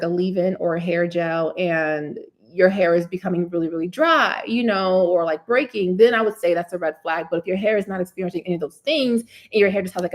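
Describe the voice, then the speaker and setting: Chatty woman from New Jersey. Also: on the low side. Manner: chatty, many fillers like "you know what I'm saying". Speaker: curly hair care host answering live questions. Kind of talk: live Q&A chat. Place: indoors, live stream.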